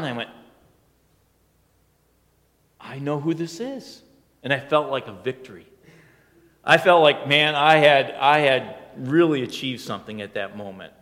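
A man's voice: mid-range voice, a bit bright, long reverb tail. A male pastor preaching a sermon in a conversational, storytelling way that now and then swells into emphatic lines.

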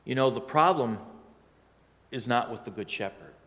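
Conversational pastor in an echoing hall. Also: male voice, mid-range voice, normal speed, a bit bright. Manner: conversational storytelling, rising to emphatic. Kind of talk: sermon.

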